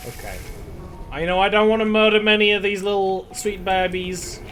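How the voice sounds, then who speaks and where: Brief: male streamer, casual rambling gameplay chatter, slightly high voice, faint noise. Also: moderate pace, fairly bright tone. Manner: rambling, chatty, self-deprecating.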